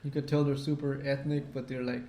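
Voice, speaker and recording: A man's voice: medium pitch, a little fast. A man co-hosting a casual podcast, swearing freely and acting out the people in his stories as he tells them. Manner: profane, animated storyteller acting out quotes. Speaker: podcast co-host. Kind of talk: casual drunk podcast chat. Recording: echoey room.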